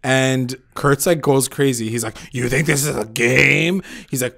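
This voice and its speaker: A man's voice: mid-range voice, fairly even intonation, measured pace, creaky, hardly any pauses, a bit bright. A man co-hosting a TV recap podcast in casual chat, rambling and swearing, saying "like" constantly and acting out the characters' lines. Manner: rambling, profane, heavy use of "like"; acts out characters' lines in retelling. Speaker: podcast co-host.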